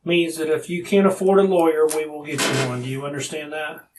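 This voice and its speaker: A man, a police detective, asking steady, procedural questions in an interview room. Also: on the high side, brisk. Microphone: room recording device. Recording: distant room recording with faint hiss.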